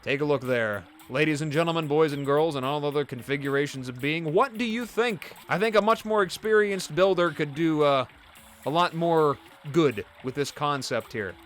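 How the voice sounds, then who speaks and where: A man hosting a video game let's play, giving casual, self-deprecating commentary in an animated, jokey way. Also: a little high, moderate pace.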